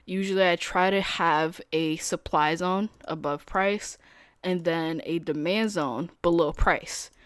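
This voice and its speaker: A woman's voice: on the low side, no echo, studio quality. A young adult woman streaming as a day trader, talking casually in slangy speech, laughing easily and explaining her setups.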